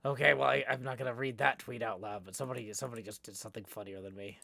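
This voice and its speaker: A tired male streamer chats casually with his viewers, reading their messages aloud into a desk microphone. His voice is heavily gravelly and full of fry. The tone is bright and forward. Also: mid-range voice, steady tone, rapid-fire. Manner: reads chat aloud and banters with viewers. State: tired, low on energy. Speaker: live streamer. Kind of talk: casual game stream chat.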